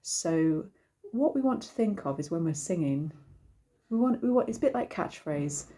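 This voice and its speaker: Chatty woman, mellow low voice. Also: expressive, moderate pace. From United Kingdom. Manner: chatty and rambling, many ums and restarts. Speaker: singing teacher. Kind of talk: casual singing lesson to camera.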